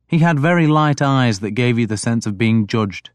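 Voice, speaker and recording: A man's voice: medium pitch, lively intonation, moderate pace, dry recording. Man narrating an audiobook, dry close sound. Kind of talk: scripted first-person narration.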